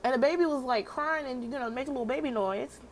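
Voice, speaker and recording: A woman casually recapping a TV episode, animated and slangy, laughing often. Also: high voice, fast, a little hiss or hum, low-quality recording. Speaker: TV show recapper.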